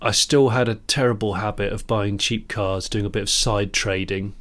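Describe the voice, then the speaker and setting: A man's voice: on the low side, steady tone, normal speed, a bit bright. A man co-hosting a podcast, telling rambling anecdotes in casual chat, full of restarts and laughs. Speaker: podcast co-host.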